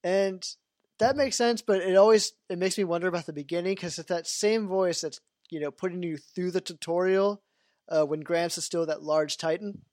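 A man with a fairly high voice hosts a casual podcast, and he rambles loosely with lots of fillers. The sound is dry and close, with almost no room echo. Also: normal speed, a little mellow. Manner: rambling, full of "you know" and "like" fillers. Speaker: podcast host. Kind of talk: casual chat about a video game.

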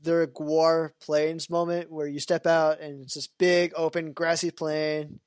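A man's voice: on the high side, flat delivery, a little slow, dry recording, clean studio sound. A man hosting a podcast, chatting casually and rambling with many fillers. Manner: rambling, full of "you know" and "like" fillers. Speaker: podcast host. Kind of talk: casual chat about a video game.

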